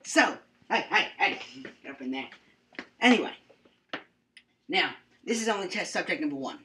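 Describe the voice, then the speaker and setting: A woman's voice: lowish voice, animated, normal speed, sharp tone, a little hiss or hum. A young woman presenting a comedic mock-science skit, rambling and mock-serious with playful asides. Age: young adult.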